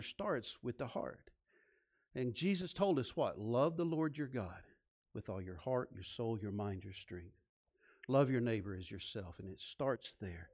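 A man's voice: medium pitch, darkish tone. A male pastor preaching a sermon, telling stories and counting off his points with emphasis.

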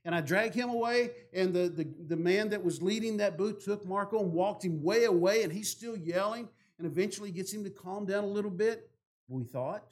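A man, a pastor telling a story from the pulpit, growing louder and more animated in the dramatic parts. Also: high-pitched, moderate pace. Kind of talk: sermon storytelling.

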